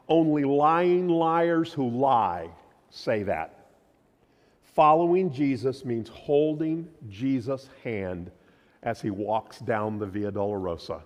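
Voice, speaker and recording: A man preaching a sermon as pastor, emphatic, his voice swinging from loud declarations to quiet, low lines. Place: church sanctuary. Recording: long hall reverb.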